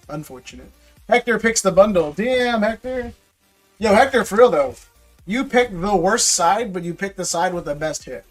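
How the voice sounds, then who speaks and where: A man selling trading card packs on a live stream, chatting casually with viewers and calling them bro. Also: sits high. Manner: laid-back, talks to viewers as bro. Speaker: livestream card seller.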